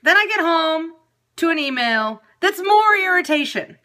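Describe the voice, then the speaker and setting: A woman's voice: very high-pitched, big pitch swings, normal speed, bright, forceful tone. A woman venting casually and profanely to viewers on a phone livestream. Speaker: periscope broadcaster. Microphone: phone camera.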